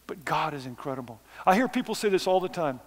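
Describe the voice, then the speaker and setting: A man's voice: on the high side, animated, quick pace, big-room sound. A man preaching a missions sermon, conversational and self-deprecating, with sarcastic asides. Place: church sanctuary.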